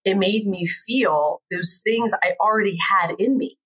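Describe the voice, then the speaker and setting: A woman's voice: mid-range voice, measured pace, slightly rough, rough recording. A woman educator as a podcast guest, chatting casually and telling stories animatedly. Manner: animated storytelling, acts out quoted voices. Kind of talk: casual conversation.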